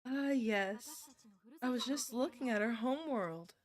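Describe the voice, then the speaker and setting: A woman voicing a calm, gentle mother in a game, speaking in a measured, formal way. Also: on the high side, lightly acted.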